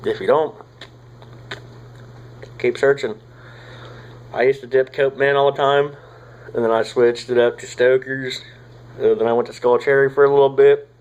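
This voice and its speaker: A young man, rambling casually through a product review, swearing often and filling pauses with "uh" and "like.". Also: mid-range voice, highs cut off. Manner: rambling, profane, drawling with frequent fillers. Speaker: tobacco reviewer.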